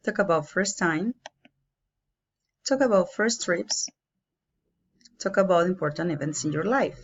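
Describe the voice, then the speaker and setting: Slow, careful woman teaching grammar. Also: fairly low pitch, lively intonation, breathy edge. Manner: slow, careful, spells out examples. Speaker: English teacher. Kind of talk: recorded grammar lesson. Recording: dull lo-fi home recording.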